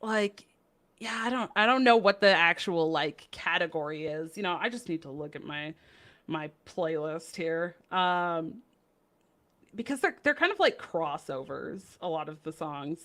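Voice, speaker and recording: Chatty woman with a low voice. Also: expressive, measured pace, fairly bright tone. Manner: upbeat and chatty, laughs often, many fillers. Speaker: podcast co-host. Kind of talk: casual chat.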